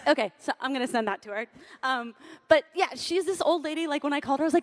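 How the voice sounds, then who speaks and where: A woman's voice: sits high, expressive, fast talker, in a large hall. A young woman from Southern California speaking on stage, playful and joking with the crowd. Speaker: conference speaker. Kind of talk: lively stage talk. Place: large hall on stage.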